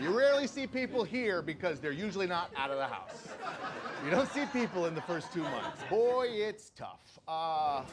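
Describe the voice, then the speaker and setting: A man doing a stand-up routine, telling self-mocking stories in an animated way. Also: a little high, background noise. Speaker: stand-up comedian.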